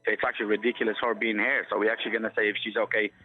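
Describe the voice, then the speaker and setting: A man's voice: fairly low pitch, flat delivery, very fast, faint music behind. A man calling a radio show, telling a story in an earnest, run-on way over a phone line. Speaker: caller.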